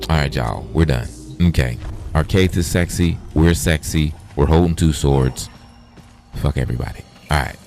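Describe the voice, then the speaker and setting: Very deep gravelly man, profane and playful. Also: normal speed, darkish tone, soft background music. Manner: profane, playful, chats to viewers. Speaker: gaming streamer. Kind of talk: casual livestream gameplay chat.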